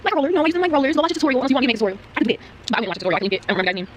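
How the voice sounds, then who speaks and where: A woman's voice: high voice, very animated, rapid-fire, background noise. A young woman chatting casually to camera about restoring dolls, rambling and slangy, with lots of laughs. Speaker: doll restoration vlogger.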